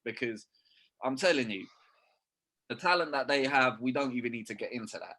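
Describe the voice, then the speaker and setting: A man's voice: medium pitch, animated, moderate pace, pauses often, a bit bright. A young man, talking football in a casual podcast chat, full of slang and swearing. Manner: slangy, swearing, keeps saying "bruv". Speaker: podcast co-host.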